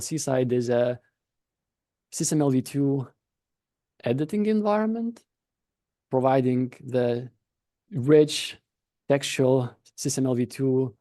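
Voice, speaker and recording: Mellow-voiced man explaining with dry sound. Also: medium pitch, no echo. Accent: Lithuanian. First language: Lithuanian. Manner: thoughtful, explanatory, with frequent restarts. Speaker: podcast guest, company founder. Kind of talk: conversational interview explanation.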